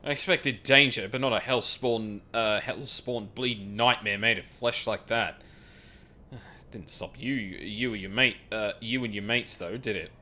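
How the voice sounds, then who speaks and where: A man voicing a roguish male sky pirate captain with a deepened, rough pirate voice while reading game dialogue aloud. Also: a little slow, sharp tone. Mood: wry.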